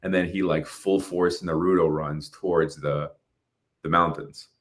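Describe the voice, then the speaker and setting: A man in his late thirties co-hosting a podcast, talking casually in animated bursts and swearing freely. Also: deep voice, a little slow. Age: 30s. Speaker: podcast co-host. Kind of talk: casual chat.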